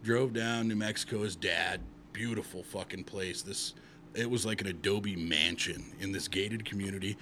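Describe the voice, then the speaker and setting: A man's voice: low voice, normal speed, pushed and bright, a little hiss or hum. A man from Montana telling a rambling, profane story with lots of fillers in casual chat.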